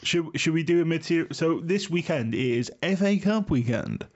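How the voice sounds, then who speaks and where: A man co-hosting a podcast, swearing and calling his co-host mate in quick rants. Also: a little high, animated, dull audio. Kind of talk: casual banter. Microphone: remote call.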